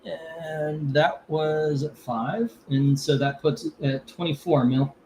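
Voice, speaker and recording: A man hosting a casual live comic book auction. He rambles between lot calls, curses freely and gets heated before calming himself down. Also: on the high side, slow, slight background noise. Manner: rambling, cursing, gets heated over politics then calms down.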